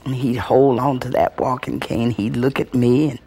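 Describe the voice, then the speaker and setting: A woman's voice: a bass voice, moderate pace, husky. A woman telling family stories, calling out voices and then dropping to a whisper, recorded on an old VHS tape. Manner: animated, calls out voices, drops to whispers. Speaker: storyteller. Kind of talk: family storytelling.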